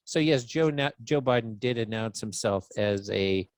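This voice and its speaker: A man's voice: lowish voice, normal speed, no room sound, poor audio. A man hosting a comedy podcast, sarcastic and profane, laughing often as he banters with his guests. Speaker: podcast host.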